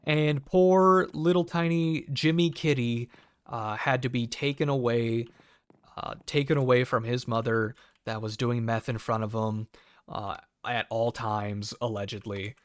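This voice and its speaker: A man's voice: medium pitch, fairly even intonation, a little slow, clear, resonant tone, dry recording. A young American man telling a work story in a sarcastic, profane, casual way and acting out the people in it. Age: young adult. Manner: profane, sarcastic, acts out quoted voices. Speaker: cable technician storyteller.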